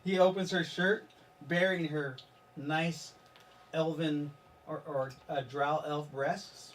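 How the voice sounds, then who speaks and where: A man running a tabletop game as game master, talking in a rambling, halting way and laughing at his own jokes. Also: a little high, steady tone, far from the mic, a little hiss or hum.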